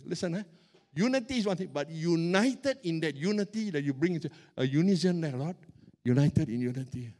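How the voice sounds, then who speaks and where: A middle-aged man preaching a sermon as pastor, animated and emphatic, stretching out key words. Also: a little high, brisk.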